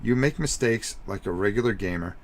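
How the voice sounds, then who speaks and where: A man's voice: fairly low pitch, brisk, a little hiss or hum. A middle-aged man hosting a live stream, walking viewers through tabletop game rules in a rambling, chatty way and often repeating himself.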